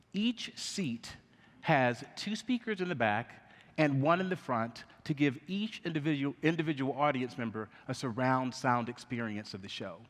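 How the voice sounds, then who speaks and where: Animated male keynote storyteller in a hall. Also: medium pitch. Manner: animated, acts out voices in anecdotes; engages the audience with questions. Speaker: conference speaker. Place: conference hall. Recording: reverberant conference hall.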